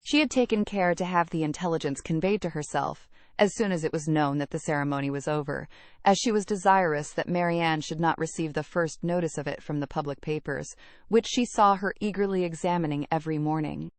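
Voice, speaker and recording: A woman narrating a classic novel aloud in a measured, even reading. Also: low voice, dry recording. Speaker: audiobook narrator. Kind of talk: scripted narration.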